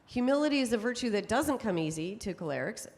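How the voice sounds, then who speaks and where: Middle-aged woman, conference speaker; bright storytelling delivery, somewhat high pitch, long hall reverb. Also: quick pace. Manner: lively storytelling with frequent laughs. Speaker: speaker on temperament psychology. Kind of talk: conference talk to an audience.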